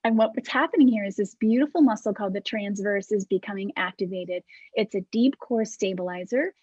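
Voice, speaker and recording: Woman teaching a movement class over video call: breathy, gentle, unhurried cues. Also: mid-range voice, dry recording, highs cut off. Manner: calm, soft-spoken cueing with breathy demonstrations.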